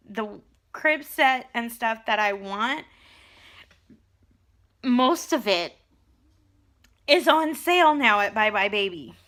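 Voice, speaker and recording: A young woman chatting casually to her camera in a vlog, telling a story in an animated way. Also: fairly high pitch. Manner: animated storytelling, retelling conversations. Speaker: vlogger. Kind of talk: casual chat.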